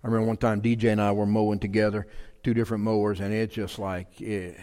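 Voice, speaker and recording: A man's voice: lowish voice, level tone, quick pace, warm tone, long reverb tail. A man preaching a sermon in a folksy, emphatic way, repeating his key phrases. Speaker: pastor.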